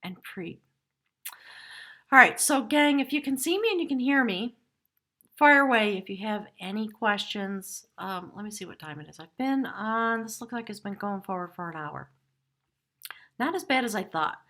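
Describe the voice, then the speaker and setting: Woman doing a tarot live stream at home, bright clear voice, earnest and kind of dreamy. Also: mid-range voice, animated, moderate pace. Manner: earnest, spiritual musing with soft hushed asides. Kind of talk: casual reflective live-stream monologue. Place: her home cottage. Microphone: device camera.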